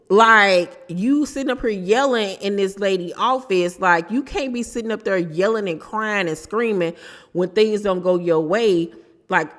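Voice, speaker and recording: A middle-aged woman hosting a casual reality TV recap, animated and opinionated, quoting people in quick bursts. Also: medium pitch, big-room sound.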